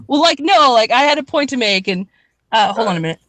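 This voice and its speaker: A woman's voice: fairly high pitch, expressive, moderate pace, a bit bright, no echo. Young woman, rambling storyteller, swears a lot, dry close mic. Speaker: podcast co-host. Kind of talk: casual storytelling chat.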